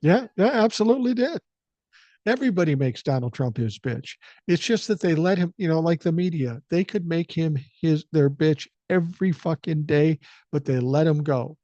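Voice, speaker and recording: A man's voice: fairly high pitch, lively intonation, normal speed, mellow, no echo, dull audio. Older man, blunt and indignant. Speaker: podcast host. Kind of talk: casual political chat.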